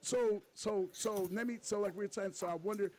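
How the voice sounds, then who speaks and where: A man co-hosting a podcast in casual comedic chat, an animated storyteller with loud bursts. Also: high-pitched, normal speed, a little hiss or hum. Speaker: podcast co-host.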